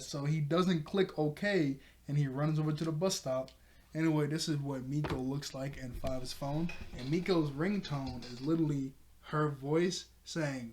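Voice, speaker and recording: Chatty man with a higher voice. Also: normal speed, darkish tone. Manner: chatty, laughs often mid-sentence; restarts and self-corrections. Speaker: show reviewer. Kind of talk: casual episode review.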